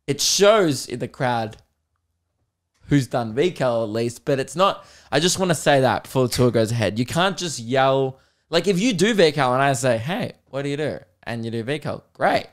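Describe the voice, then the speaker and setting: A young Australian man hosting a podcast as a comedian speaks at a normal pace in a mid-range voice with lively intonation. He laughs between crude, sarcastic jabs in a casual comedic rant.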